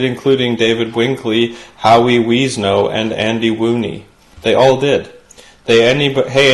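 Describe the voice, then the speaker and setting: Man delivering a punchy comedy monologue. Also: mid-range voice. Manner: punchy joke delivery, chatty asides. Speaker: late-night talk show host. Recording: roomy studio sound.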